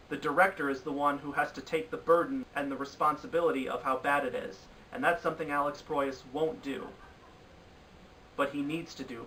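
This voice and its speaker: A man's voice: fairly high pitch, pushed and bright, far from the mic, a little hiss or hum, rough recording. Exasperated man ranting film reviews. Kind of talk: opinionated film review countdown.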